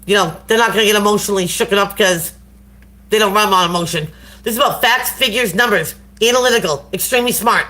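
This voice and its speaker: A woman's voice: mid-range voice, quick pace, pushed and bright. A woman giving a casual live tarot reading to viewers on a phone, talking in a slangy, encouraging way. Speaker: tarot reader.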